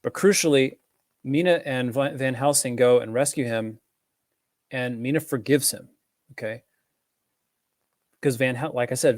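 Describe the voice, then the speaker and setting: A man's voice: mid-range voice, a little mellow, no echo, studio quality. A man giving a casual, rambling film analysis, full of fillers and restarts. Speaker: film commentator.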